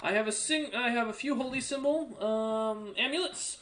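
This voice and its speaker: A man's voice: very high-pitched, moderate pace, fairly bright tone, pitched above the performer's own voice. A man voicing a plain, chatty male orc shopkeeper who rattles off long lists of wares. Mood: salesy.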